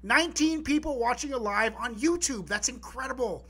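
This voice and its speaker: A man co-hosting a live poetry podcast, chatting casually and excitedly, rambling with restarts and the odd curse. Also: very high-pitched, normal speed, a crowd in the background. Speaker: podcast co-host.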